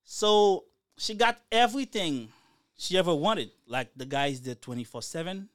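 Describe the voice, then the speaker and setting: A man's voice: on the high side, normal speed, no echo, clean studio sound. A man in his thirties co-hosting a casual chat, telling a long story and acting out the quotes. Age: 30s. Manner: animated storyteller, acts out quotes. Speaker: podcast co-host.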